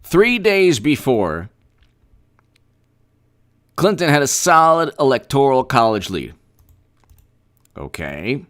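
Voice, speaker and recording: A man hosting a casual political commentary livestream, animated and repetitive, often restarting his sentences and speaking straight to viewers. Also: mid-range voice, slow pace, pauses often. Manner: animated, repetitive, mock-quoting opponents, frequent restarts.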